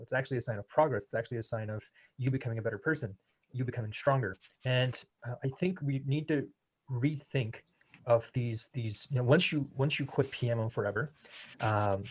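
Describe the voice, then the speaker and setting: A man's voice: mid-range voice, low-quality recording. A man hosting a podcast and coaching a listener in casual conversation, explaining with everyday analogies and many ums. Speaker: podcast host and quitting coach.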